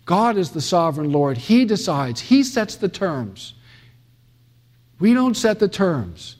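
A man's voice: sits high, sing-song, slow, a little mellow. A middle-aged man from the United States giving a classroom theology lecture, emphatic, with many fillers and restarts and dramatic quoting.

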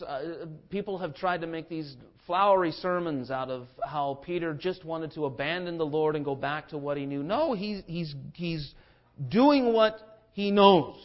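A pastor preaching a sermon, shifting between hushed passages and forceful declarations. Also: male voice, fairly high pitch. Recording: dull lo-fi sermon recording.

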